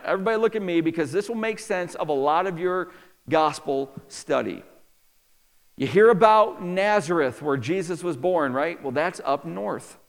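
A man with a high, gravelly voice preaches a sermon in a big church, his words trailing off into a long hall reverb. He speaks animatedly and keeps asking the congregation questions. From New York. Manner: animated preacher, asks the crowd many questions. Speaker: pastor.

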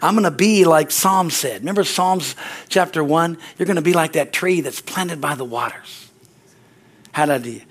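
Male pastor, high voice, storytelling sermon with repeated phrases and rising fervor. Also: moderate pace. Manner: storytelling, repeats phrases, rises to excited preaching.

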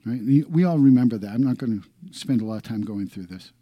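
A middle-aged man preaching a sermon, swinging from loud emphatic lines down to hushed, almost whispered ones. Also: medium pitch, fast talker, highs cut off. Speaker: pastor.

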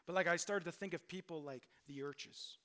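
A man's voice: on the high side, moderate pace, fairly bright tone. A man pastor preaching a sermon in a conversational way, with self-deprecating asides and emphatic repetition.

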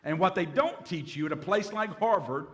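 A man's voice: sits high, lively intonation, normal speed, a bit bright. A man, a pastor preaching a Bible-teaching sermon in a folksy way, with humorous asides.

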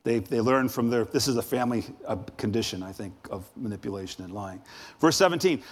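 A man preaching a sermon as a guest preacher, dramatic, swinging from loud exclamations to hushed asides. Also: mid-range voice, fairly quick, breathy edge. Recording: long reverb of a large hall.

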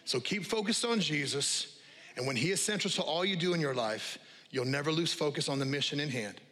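A male pastor preaching a lively, conversational sermon to a congregation, repeating key phrases and dropping humorous asides. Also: on the high side, fairly quick. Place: church auditorium with live congregation. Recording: long hall reverb.

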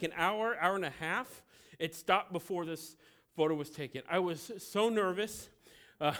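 A man in his thirties from the American Midwest giving a conversational, joking sermon with animated storytelling. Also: high-pitched. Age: 30s. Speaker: pastor.

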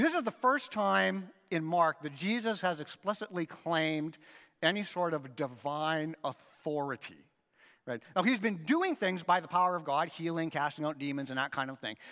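Male preacher, high lively voice, bright tone, conversational sermon, long hall reverb. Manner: animated, conversational preaching with frequent "right?" asides. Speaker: pastor.

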